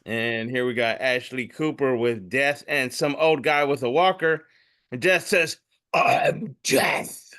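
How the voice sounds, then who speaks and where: A man co-hosting a podcast, chatting casually as he describes memes aloud and puts on quick voices for the characters. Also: medium pitch, sharp tone, clean tone. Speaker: podcast co-host.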